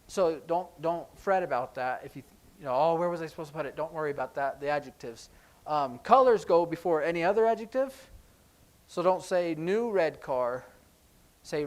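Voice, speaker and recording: A man teaching a sign language class in a church classroom, explaining in a relaxed, conversational way with frequent ums. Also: a little high. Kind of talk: classroom lesson.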